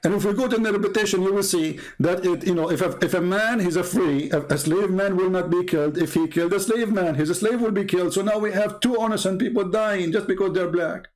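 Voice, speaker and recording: A man's voice: high voice, a little fast, few pauses. A man talking on a live stream as an online religious debater, combative and mocking, repeating himself and laughing at his own jokes.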